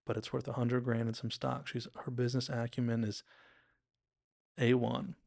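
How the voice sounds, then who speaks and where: Podcast host, male, gravelly, dry close sound, chatty recap delivery. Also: mid-range voice, little pitch movement, normal speed, darkish tone, dry recording. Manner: chatty, enthusiastic, acts out quotes, many "like"s. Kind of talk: casual episode analysis.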